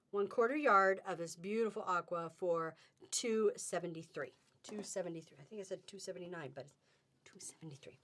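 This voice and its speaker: Chatty upbeat woman selling fabric. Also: a little high. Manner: chatty, upbeat, sing-song exclamations. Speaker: live sale host. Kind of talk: live-stream selling chat. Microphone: webcam.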